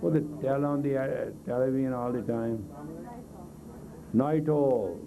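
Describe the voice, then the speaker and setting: A man's voice: mid-range voice, a little slow, creaky, noisy background. A man leading a live group exercise class, giving blunt, coaxing commands in non-native English grammar. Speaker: meditation teacher. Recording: tinny lo-fi 1980s tape of a live talk.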